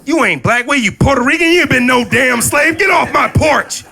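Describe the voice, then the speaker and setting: A man voicing an indignant woman who shouts and scolds a trick-or-treater from her porch. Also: very high-pitched, lively intonation, moderate pace, creaky, pitched above the performer's own voice, full character voice.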